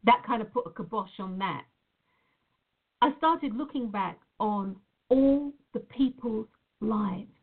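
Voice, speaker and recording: Earnest woman talking straight to viewers, slightly high pitch, thin tinny recording. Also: animated, slow. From Nevada, USA. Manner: earnest, reflective, repeats phrases. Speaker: reflexologist. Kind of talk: personal monologue to viewers. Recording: phone-like narrow sound.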